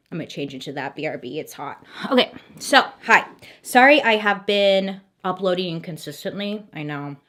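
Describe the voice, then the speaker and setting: Woman vlogger, bubbly and jokey, a bit breathless, very lively swooping pitch. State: a little out of breath. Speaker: true crime vlogger doing her makeup. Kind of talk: casual chatty vlog.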